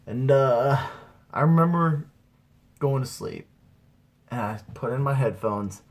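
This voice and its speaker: A young amateur comedian, his voice mid-range with lively intonation, takes his time as he rambles through a stand-up story about himself. "Dude" comes up again and again.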